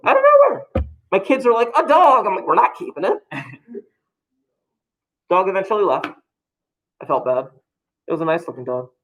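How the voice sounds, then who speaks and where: A man teaches a class, speaking in a casual, joking way. His voice sits a little high for a man. He rambles into stories between instructions. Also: sing-song, moderate pace, pauses often, a bit bright, low-quality recording. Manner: joking, loose and chatty. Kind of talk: classroom talk to students.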